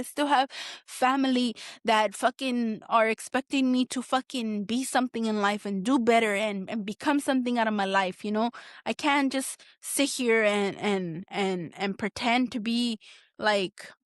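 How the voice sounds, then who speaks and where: A woman's voice: on the high side, no echo, studio quality. A woman hosting her own podcast, venting bluntly and emotionally with heavy swearing and frequent restarts. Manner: blunt, heavily profane venting; emotional, repeats herself while searching for words. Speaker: podcast host. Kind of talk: candid solo podcast monologue.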